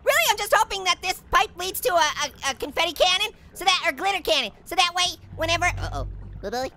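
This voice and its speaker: A squeaky, very high and bright cartoon orange, played by a woman, chatters through a let's play commentary. The voice bounces all over the place, full of silly jokes and giggles at its own gags. It sounds like a hyper fruit having the time of its life. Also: sing-song, quick pace, slight background noise, exaggerated voice. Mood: goofy. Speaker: gameplay commentator.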